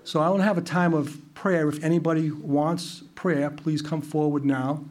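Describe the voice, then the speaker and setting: A man's voice: on the high side, level tone, moderate pace, darkish tone. Earnest man preaching and leading prayer. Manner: earnest, encouraging. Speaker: pastor. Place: church service.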